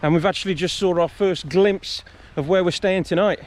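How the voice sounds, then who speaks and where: A man's voice: high voice, fairly even intonation, normal speed. A British man narrating a hiking vlog outdoors on a countryside trail, chatty and jokey. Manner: chatty, jokey, self-mocking. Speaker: hiking vlogger.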